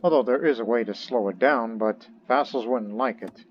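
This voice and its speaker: A man playing a strategy game gives casual, rambling let's-play commentary, thinking aloud as he goes. His mid-range voice moves at normal speed, and the dull lo-fi recording carries faint game music and slight background noise.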